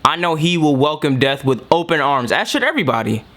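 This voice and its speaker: This is a man from New York giving a casual reaction commentary. He talks in slangy, joking asides, and his voice sits a little higher than most men's. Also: sing-song, brisk, a bit bright. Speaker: host reacting to a video.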